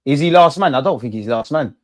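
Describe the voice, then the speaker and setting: A young man hosting a live football watch-along, reacting loudly and bantering at the players. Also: medium pitch, fast. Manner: excitable, shouts at goals, banters at players. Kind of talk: live match reaction commentary.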